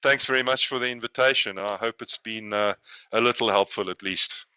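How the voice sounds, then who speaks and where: A man from South Africa speaking as a guest consultant on a video call, measured and repeating words as he thinks. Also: fairly low pitch, sharp tone, smooth, no room sound, dull audio.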